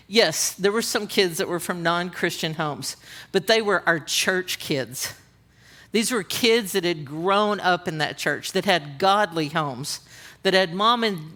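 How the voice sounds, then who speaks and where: A woman's voice: medium pitch, bright, forceful tone. A middle-aged woman pastor telling a story in a conference sermon, acting out her own reactions. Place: church stage.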